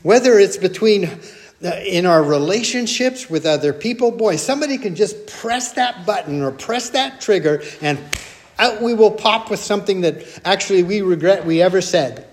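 Older male preacher, slightly high voice, earnest, leans on repetition and anecdotes. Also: expressive, normal speed. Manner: earnest, repetitive, with storytelling asides. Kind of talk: sermon.

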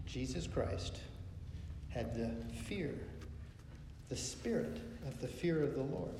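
A man's voice: medium pitch, expressive, slow pace, creaky, pauses often, mellow, slight background noise. A man preaching a sermon, quoting scripture with emphasis and asking rhetorical questions. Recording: echoey hall with long reverb.

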